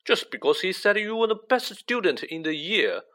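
A man reading a story aloud, putting on the voice of a clever, bossy young schoolgirl who talks shrilly and excitedly. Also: sits high, moderate pace, pitched above the performer's own voice, exaggerated voice. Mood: shrill. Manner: breathless, excited.

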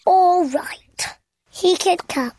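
A woman's voice: very high-pitched, drawn-out words, dark tone, slight background noise, heavily acted, poor audio. A woman voicing a bossy, cheerful little girl pig in a cartoon, proud and giggly. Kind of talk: cartoon voice acting.

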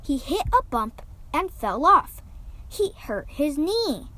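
A woman reading a children's picture book aloud, with gentle, expressive storytelling and lively voices for the characters. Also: high voice, slow.

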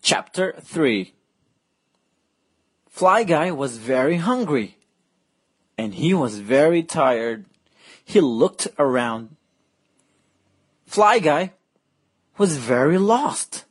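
Very slow, sing-song woman storyteller. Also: deep voice, sing-song, breathy edge. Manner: slow, playful, exaggerated reading. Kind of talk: children's picture-book read-aloud.

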